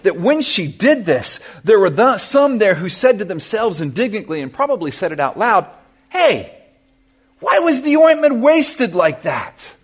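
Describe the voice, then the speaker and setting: Animated husky-voiced preacher man. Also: sits high. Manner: animated storytelling preacher, asks the congregation questions. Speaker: pastor. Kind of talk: sermon.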